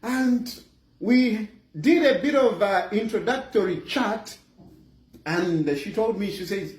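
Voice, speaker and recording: A middle-aged Zambian man with a Zambian accent tells a comic personal story. He talks in a high, animated voice, chuckling and leaning on "you know" fillers. The recording sits in a roomy, echoey space. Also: takes it slowly. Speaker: vlogger. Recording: roomy echo.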